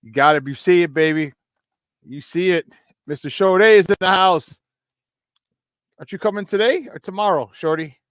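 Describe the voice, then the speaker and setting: A man hosting a casual sports talk show, hyped and shouting out viewers with frequent laughs. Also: high-pitched, moderate pace, pauses often, no echo.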